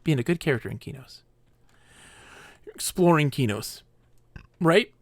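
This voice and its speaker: Rambling game streamer, dry close mic. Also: male voice, fairly high pitch, expressive, normal speed, no echo. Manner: enthusiastic, rambling, laughs often. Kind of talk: live game stream commentary.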